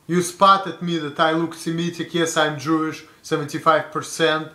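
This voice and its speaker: A young man from Russia talks straight to the camera in a Russian accent, blunt and rambling, full of fillers. His voice sits a bit high and sounds bright and forward. The room around him is echoey. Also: flat delivery, normal speed. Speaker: vlogger. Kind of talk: casual talk to camera.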